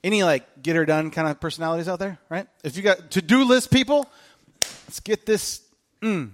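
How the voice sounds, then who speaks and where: A man preaching a casual, animated sermon, joking and talking conversationally to his listeners. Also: sits high, normal speed, slight background noise.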